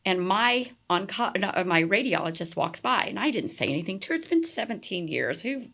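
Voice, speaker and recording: A middle-aged woman chatting as a podcast guest, her pitch sitting right in the middle for a woman. She tells her stories with animation, laughing often and slipping into the voices of the people she quotes. Her delivery is conversational and unscripted. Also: very animated, a little fast, creaky, fairly bright tone. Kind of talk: storytelling in conversation.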